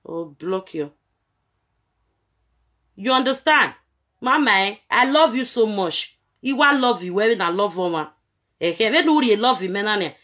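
A woman's voice: mid-range voice, animated, a little slow, long pauses, fairly bright tone. A Nigerian woman vlogging straight to camera in a repetitive, scolding rant, switching between Pidgin and local-language phrases.

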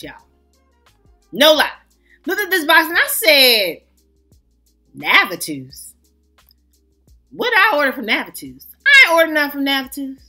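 A woman hosting a casual fragrance review vlog, chatty and excitable, greeting her viewers as family. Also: high-pitched. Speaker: fragrance vlogger host.

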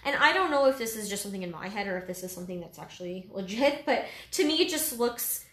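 A woman walks through a painting project in a relaxed, chatty way, sprinkling in "um" and "like" as she explains each stroke. Her voice sits in a middle range and carries a noticeable room echo. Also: medium pitch, quick pace. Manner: easygoing, lots of fillers like "um" and "like". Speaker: painting instructor. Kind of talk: casual step-by-step painting tutorial. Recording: roomy echo.

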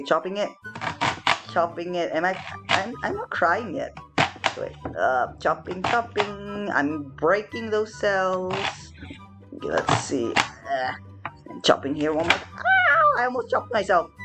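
A young woman teaching children English, chatting brightly through a phonics lesson and a home kitchen demo. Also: deep voice. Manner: bubbly, chatty, talks straight to children.

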